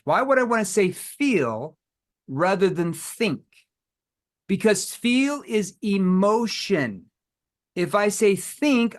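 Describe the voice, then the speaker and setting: Guy running a sales training online, talks pretty lively, acts out calls to show how it's done. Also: high-pitched. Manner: animated, asks the audience rhetorical questions. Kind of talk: live virtual sales training.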